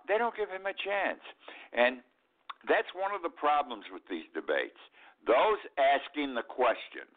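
Elderly male host in his eighties, low voice with lively swings, rambling and indignant, heard over a phone-thin line. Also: phone-quality sound. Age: 80s. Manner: rambling, indignant, repeats himself. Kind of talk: opinionated political commentary.

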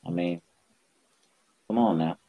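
A man's voice: slow, phone-quality sound. A man co-hosting a casual basketball podcast, giving blunt, slangy opinions. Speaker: podcast co-host.

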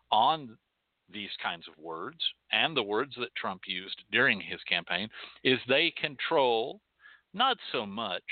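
A call-in show host speaks at a medium pitch in a Southern US accent, delivering a blazing, profanity-laced rhetorical monologue that repeats its phrases again and again. The sound is dry and thin, like it's coming through a phone.

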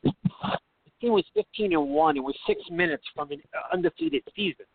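A man co-hosting a sports radio talk show, mumbling and halting, repeating himself as he talks. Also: a little high, sing-song, vocal fry, no echo. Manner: halting, repeats words, hard to hear. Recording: dry, phone-like line.

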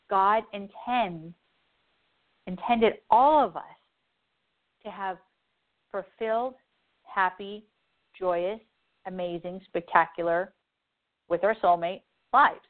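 A woman's voice: mid-range voice, fairly even intonation, takes it slowly, pauses often. A woman radio host and spiritual advisor talking in a heartfelt, earnest way and repeating herself for emphasis. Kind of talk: emotional spiritual talk. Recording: tinny phone-like line.

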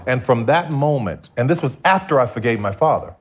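A man giving a personal testimony as a guest before a live audience, telling his story with animated, acted-out dialogue. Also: medium pitch, brisk. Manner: animated, acts out his past self in dialogue. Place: stage in front of a live audience.

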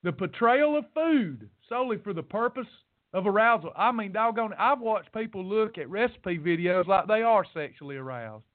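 This weight loss podcast host has a high-pitched voice with lively intonation and a moderate pace. He rants bluntly and preachily to motivate, scolding his audience and hammering points through repetition. The audio is tinny and phone-like, with no room sound.

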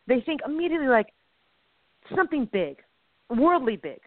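A woman co-hosting a faith-based comedy chat, affirming and expressive. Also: high-pitched, normal speed, no room sound. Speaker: podcast co-host. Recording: tinny phone-like dry sound.

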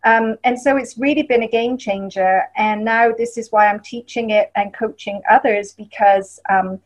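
A woman's voice: on the high side, steady tone, moderate pace, poor audio. A woman in her fifties with an English accent, telling her story candidly as a guest on a radio interview. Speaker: guest, wellness author.

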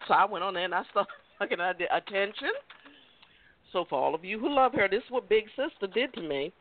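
A woman hosting a casual talk show, telling stories in an animated way and laughing often. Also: medium pitch, brisk, slight background noise. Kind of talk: casual chat. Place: Maryland. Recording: tinny dry phone line.

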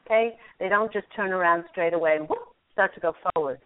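A woman's voice: lowish voice, brisk. A woman hosting a call-in radio show, giving angel card readings in a soothing, encouraging way with frequent laughs. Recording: phone-like lo-fi line.

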